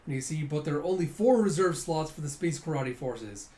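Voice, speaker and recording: A man casually reading through a comic, narrating in an excitable way, constantly saying "you see" and "he's like.". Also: fairly high pitch, brisk. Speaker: comic reader.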